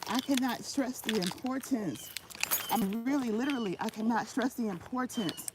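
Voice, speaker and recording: This vlogger has a fairly high voice and a moderate pace as she walks laps and gives channel tips. Her casual, motivational advice is emphatic and repetitive, with points restated for emphasis, and the recording carries background noise.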